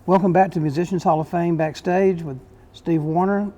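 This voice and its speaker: A man's voice: fairly high pitch, fairly even intonation, brisk, warm tone, soft background music. A man hosting a casual interview, prompting his guest and laughing along easily. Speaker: interview host.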